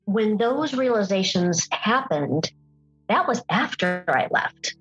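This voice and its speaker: A woman speaking as a podcast guest, telling a personal story in an earnest, emphatic way and slowing down on key phrases. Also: medium pitch, big pitch swings, slightly rough, muffled recording, faint music behind.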